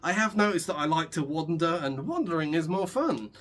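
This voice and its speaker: A man's voice: a little high, expressive, fairly quick. A young man chatting casually as a guitar vlogger while he practices, rambling and joking with many restarts. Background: guitar playing.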